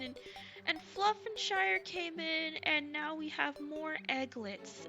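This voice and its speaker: A woman streaming live while gaming, chatting casually and gushing excitedly over her viewers. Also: high-pitched, slow, over music. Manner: bubbly and gushing, thanks chat excitedly.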